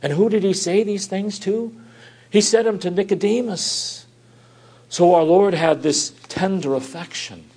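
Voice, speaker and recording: A man preaching a sermon, swinging between loud emphatic rises and quiet, soft passages, and asking his listeners rhetorical questions. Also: high voice, unhurried, slightly rough.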